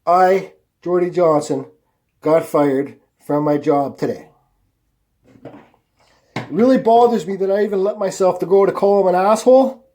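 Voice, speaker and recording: Blunt, rambling man with a high voice. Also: a little slow, pauses often, warm tone. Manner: blunt, rambling, swears freely. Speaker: woodcarving channel host. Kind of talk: casual vlog talk to camera.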